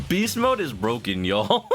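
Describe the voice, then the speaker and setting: A man streaming a video game live with animated, laughing commentary. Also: very high-pitched.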